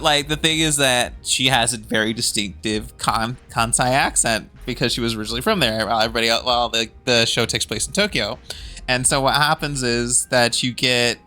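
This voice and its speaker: A chatty male streamer with a bright, forward voice, talking casually as he plays. He laughs often and swears freely, with faint game music in the background. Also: medium pitch, normal speed, clear, resonant tone. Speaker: streamer playing a video game. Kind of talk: casual livestream chat.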